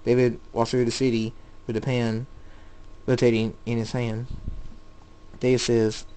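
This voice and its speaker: A man reading his own fan story aloud in a plain, halting way with small restarts. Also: mid-range voice, level tone, dark tone, clear, resonant tone, low-quality recording.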